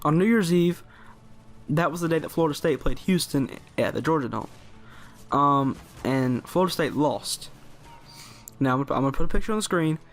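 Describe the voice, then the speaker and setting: A man's voice: a little high, a little fast, pauses often. A teenage boy telling a story casually on his video channel, rambling with lots of restarts and fillers. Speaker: vlogger.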